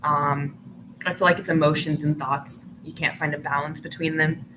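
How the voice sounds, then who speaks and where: A woman's voice: deep voice, flat delivery, moderate pace. Chatty woman doing a tarot reading. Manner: chatty, filler-heavy, often says "like"; breaks into giggles. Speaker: tarot reader. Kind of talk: casual tarot reading for viewers. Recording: noticeable background noise.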